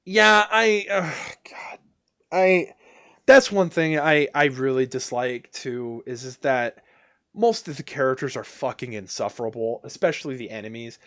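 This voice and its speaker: A man's voice: mid-range voice, moderate pace. A man streaming a game, ranting casually and crudely with many restarts and exasperated outbursts. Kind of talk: casual ranting chat while gaming.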